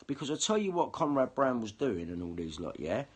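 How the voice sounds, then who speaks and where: Give me a heated, confrontational man with a husky, mid-pitched voice, venting in a monologue. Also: very animated, brisk. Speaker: vlogger. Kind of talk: angry monologue to camera.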